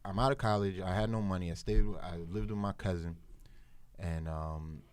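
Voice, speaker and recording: Rambling through a story on a podcast he's part of, a forties-aged man from Brooklyn, New York, mimics the people he's quoting in relaxed storytelling chat. His low-pitched voice holds a steady tone at a moderate pace, and the sound is clean with no echo.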